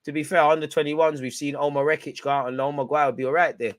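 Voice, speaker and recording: A man with a voice on the high side talks fast in a flat delivery while hosting a live football watch-along. He chats in slangy banter, reacts to the play, laughs often, and gets loud over goals and chances.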